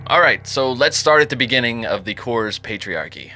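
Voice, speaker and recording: A man's voice: mid-range voice, expressive, normal speed, over music. A man hosting a podcast in casual chat, telling the story as a joking, profane storyteller. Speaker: podcast host.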